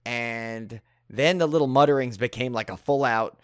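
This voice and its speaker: A man's voice: mid-range voice, moderate pace, clean tone, no room sound, clean studio sound. A man co-hosting a podcast, telling a story in casual chat and acting out the people in it. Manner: animated anecdote-telling, acts out quoted people. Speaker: podcast co-host.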